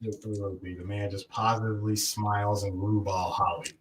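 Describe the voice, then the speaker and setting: A man co-hosting a podcast, chiming in with dry, quick remarks in casual chat. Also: lowish voice, flat delivery. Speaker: podcast co-host. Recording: distant mic with faint hiss.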